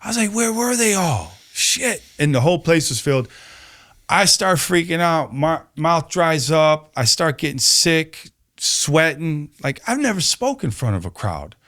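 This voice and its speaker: A man telling a personal story in casual conversation, animated, acting out quoted voices and peppering his speech with fillers. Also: normal speed. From Chicago, USA. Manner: animated storyteller, acts out quotes with rising pitch, many fillers. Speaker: podcast guest.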